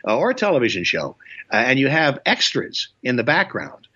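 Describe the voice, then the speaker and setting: A man's voice: medium pitch, huge pitch swings, a little fast, bright, forceful tone, husky, muffled recording. An older man from Indiana, a comedian and voice actor, telling rambling anecdotes as a guest with many restarts and chuckles. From Indiana, United States. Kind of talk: casual storytelling interview.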